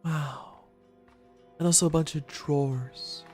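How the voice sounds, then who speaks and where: A man's voice: a little high, fairly even intonation, takes it slowly, darkish tone, faint music behind. Sarcastic man streaming a game. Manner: casual, sarcastic, joking asides. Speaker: streamer playing games. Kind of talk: live gameplay commentary.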